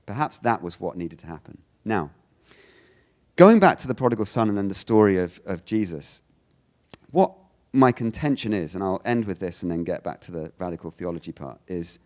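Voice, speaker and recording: A man delivers a theology lecture in a loose, conversational manner. His voice sits low but rises and falls a great deal. He often stumbles over repeated words and fills his sentences with "you know". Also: a little mellow. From United Kingdom. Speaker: guest lecturer.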